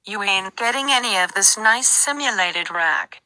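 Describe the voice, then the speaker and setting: This is a sassy, foul-mouthed female AI chatbot, given a synthetic woman's voice, robotic and smooth with a bright, crisp edge. She snaps off crude insults in short bursts. The sound is dry and close, with no room around it. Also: medium pitch, lively intonation, unhurried, no echo, rough recording. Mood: snarky. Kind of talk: text-to-speech chatbot banter.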